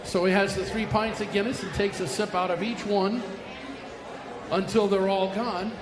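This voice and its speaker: A man's voice: high-pitched, fairly even intonation, moderate pace, crowd noise. A man emceeing a live music night on a brewery stage, with folksy, joking stage patter. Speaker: bandleader and emcee. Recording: roomy live room with band music.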